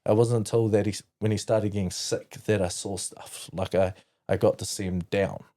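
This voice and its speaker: A man's voice: fairly low pitch, fairly even intonation, normal speed, mellow. A man from New Zealand as a podcast guest, telling his own story candidly, rambling with many "like" fillers and blunt swearing.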